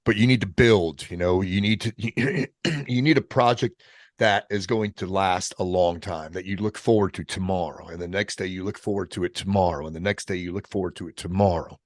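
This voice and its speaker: A man with a deep, low-pitched voice recounts his story candidly as a podcast guest. He speaks casually and swears freely, often halting and circling back mid-sentence. The sound is dry and close, with no room around it. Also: fairly even intonation, no echo. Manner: casual and profane, halting with restarts, drops "man" and "bro". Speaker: podcast guest, military veteran.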